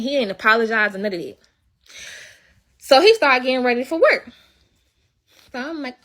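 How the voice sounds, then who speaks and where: A woman's voice: on the high side, fairly quick, pauses often, sharp tone. A young woman livestreaming from home, telling a story as an indignant, swearing rant. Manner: indignant, venting, swears freely. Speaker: livestream host.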